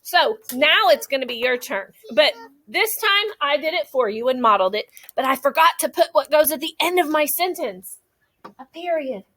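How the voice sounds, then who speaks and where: A young woman teaching a classroom phonics lesson, slowly modeling sentences and praising the children. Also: high-pitched, lively intonation, a bit bright. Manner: slow, drawn-out modeling of sentences, encouraging.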